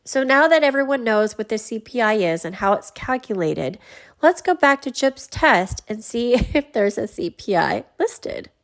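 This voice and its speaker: Chatty woman commentator, slightly high. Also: animated, normal speed. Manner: chatty, explanatory, laughs often. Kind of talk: casual commentary vlog.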